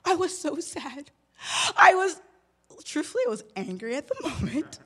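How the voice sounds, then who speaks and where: A woman's voice: sits high, big pitch swings, moderate pace. A woman in her thirties preaching a sermon, telling a personal story with bursts of emotion. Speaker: pastor.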